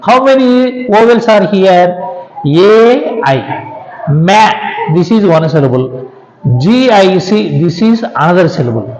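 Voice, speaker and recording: A man with an Indian English accent teaches children in a slow, patient lesson, repeating each example word aloud. His voice sits fairly high for a man, and the recording sounds dull and lo-fi. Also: expressive, a little mellow.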